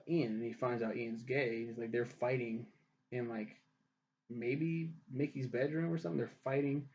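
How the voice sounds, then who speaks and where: A man's voice: medium pitch, a little mellow. A young man casually reviewing a TV show, rambling and ranting with lots of swearing. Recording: dull lo-fi recording.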